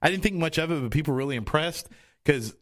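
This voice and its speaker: A man's voice: fairly high pitch, expressive, quick pace, fairly bright tone. A man hosting a casual studio chat show, rambling and restarting his sentences often. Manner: rambling, trailing off, many restarts. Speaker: podcast host. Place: radio studio.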